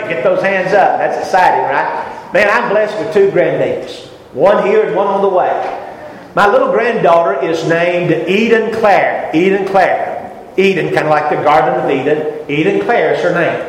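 A high-voiced preacher in his fifties delivers a folksy, emphatic sermon, his voice climbing on each exclamation. He is heard in a roomy church sanctuary with long reverb and faint room ambience. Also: a little hiss or hum. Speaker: pastor.

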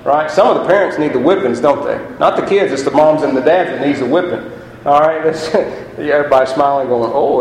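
A man preaching a sermon as pastor, chatty and lively, asking the congregation rhetorical questions. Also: on the high side, slight background noise. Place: church sanctuary. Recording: echoey hall.

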